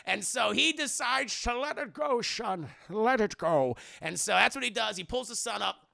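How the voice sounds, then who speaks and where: A man's voice: sits high, animated, normal speed, vocal fry, sharp tone. A young man streaming a casual, jokey movie recap, talking animatedly and acting out scenes. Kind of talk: casual profane chat.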